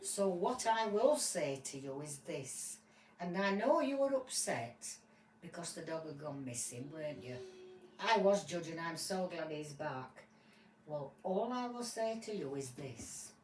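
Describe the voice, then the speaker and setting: A woman giving voice to a firm, kindly tiger judge from a toy courtroom game, lecturing slowly with lots of lift and fall. The voice sounds distant from the mic in a roomy space with faint background hum. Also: sits low, big pitch swings, a little mellow.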